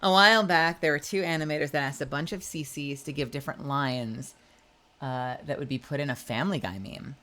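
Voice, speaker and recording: A woman's voice: deep voice, brisk, bright, forceful tone. A woman in her thirties chatting casually on a live stream, giggly and playful with lots of swearing. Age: 30s. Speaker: livestreamer.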